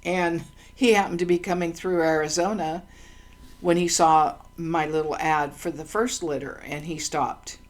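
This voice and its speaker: A woman's voice: low-pitched, fairly even intonation, unhurried. A woman hosting her own channel, telling personal stories in a casual, meandering way with many ums and restarts, earnest and heartfelt. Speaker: channel host. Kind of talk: casual personal storytelling monologue.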